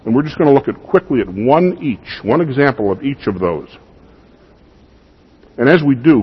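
A man preaching a sermon in a husky voice, in a conversational style with rhetorical questions to the congregation, in what sounds like a church. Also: mid-range voice. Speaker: pastor. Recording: dull lo-fi recording.

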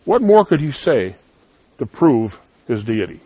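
A man preaching a sermon, emphatic, rising loud on key lines and dropping to soft asides. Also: medium pitch, very animated, measured pace, slightly rough, no room sound, lo-fi sound.

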